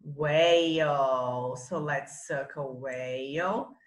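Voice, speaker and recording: Slow, patient woman teaching. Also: mid-range voice, reverberant. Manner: patient, coaxing, checks in often with questions. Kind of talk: online phonics lesson for children.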